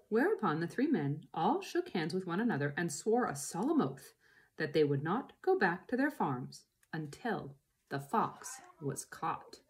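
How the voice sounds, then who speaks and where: Give me a woman narrating a children's story with a lively, animated voice. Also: fairly low pitch, unhurried. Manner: expressive, lively reading. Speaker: reader. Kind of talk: reading a children's book aloud.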